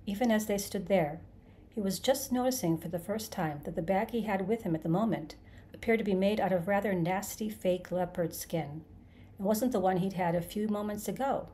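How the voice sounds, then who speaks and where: A woman narrating a comic science fiction novel in a measured, dry storytelling delivery. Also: medium pitch, warm tone. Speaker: narrator, podcast host. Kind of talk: scripted audiobook narration.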